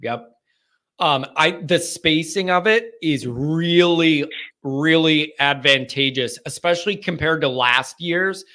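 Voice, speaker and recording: Bright-voiced animated man hosting a call-in. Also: fairly high pitch, slow. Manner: animated, joking rants. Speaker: call-in show host. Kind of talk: live call-in fan chat.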